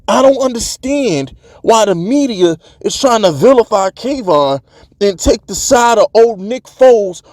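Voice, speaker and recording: A man's voice: very high-pitched, a little mellow, no echo. A man hosting his own sports channel, delivering a heated, fired-up commentary rant in streetwise slang.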